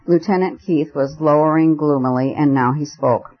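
Guy reading an old novel aloud, kinda higher voice, muffled recording. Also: fairly even intonation, normal speed, few pauses. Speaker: audiobook narrator. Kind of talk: scripted narration.

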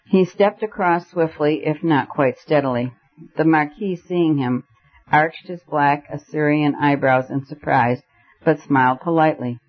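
A man giving a measured, scripted audiobook narration of a classic novel. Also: on the high side. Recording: dull lo-fi recording.

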